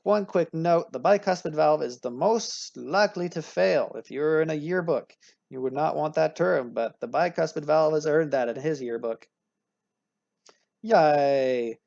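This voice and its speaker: This anatomy lecture comes from a man whose voice is on the high side, a little mellow, with vocal fry and a moderate pace. Casual and upbeat, he uses analogies and keeps self-correcting mid-sentence, captured in a dry, slightly dull recording.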